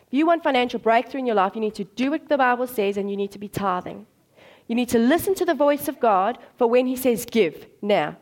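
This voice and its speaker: A woman preaching a sermon, telling stories in an animated way and acting out the voices in them. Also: a little high. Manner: animated storytelling, acts out voices.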